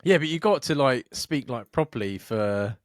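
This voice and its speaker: A man of middling pitch tells stories in relaxed podcast chat, swearing and mumbling as he goes. His voice sits close and dry, with no room sound around it. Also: normal speed, dry recording. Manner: mumbling, sweary, laughs along. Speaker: podcast co-host. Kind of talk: casual chat.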